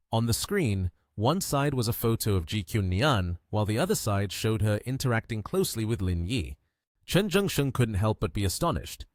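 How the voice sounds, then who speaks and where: Male recap narrator, scripted storytelling, lively pitch, dry close recording. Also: moderate pace, no echo.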